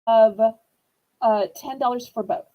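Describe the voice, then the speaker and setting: A woman's voice: fairly high pitch, steady tone, narrow, tinny audio. A woman from New Orleans, chatting with viewers while selling items in a live-stream auction. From New Orleans, USA. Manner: slow, sympathetic, chatty with viewers.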